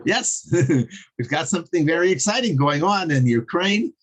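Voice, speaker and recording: A man's voice: on the high side, big pitch swings, moderate pace. A man teaching a casual online Torah class over a video call, chatty and digressive, chuckling as he tells jokes.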